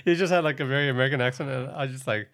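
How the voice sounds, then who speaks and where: A man co-hosting a casual recap podcast, chatty and quick to laugh. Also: mid-range voice, a bit bright. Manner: chatty, laughs easily, speaks animatedly. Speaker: podcast co-host.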